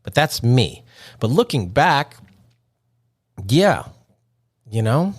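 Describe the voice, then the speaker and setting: A man's voice: mid-range voice, sing-song, measured pace, pauses often. A man hosting a podcast, talking alone in a joking, conversational way and chuckling at his own lines. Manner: joking, conversational, self-amused. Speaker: podcast host. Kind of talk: solo podcast monologue.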